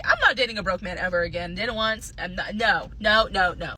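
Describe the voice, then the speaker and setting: A woman telling a dating story to camera in a sassy, animated, self-mocking way. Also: medium pitch, a little fast, breathy edge.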